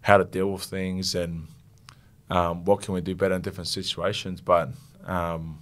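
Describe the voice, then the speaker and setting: A young Australian man, a rugby league captain, talking earnestly and haltingly in an interview, getting emotional. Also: low-pitched, little pitch movement. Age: young adult. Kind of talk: casual interview.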